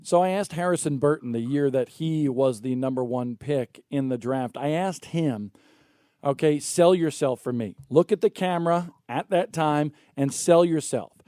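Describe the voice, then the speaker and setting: Higher-pitched man hosting a radio show. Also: normal speed, warm tone, no room sound, studio quality. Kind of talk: casual radio interview.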